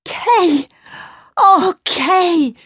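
High eager little girl, earnest and loving, dry close sound, as a woman reads it. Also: animated, moderate pace, no room sound.

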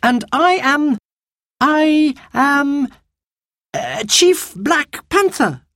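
A man's voice: sits high, sing-song, moderate pace, no echo, studio quality, pitched above the performer's own voice. A man voicing a brave, bossy eldest sister in a storybook reading. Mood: eager.

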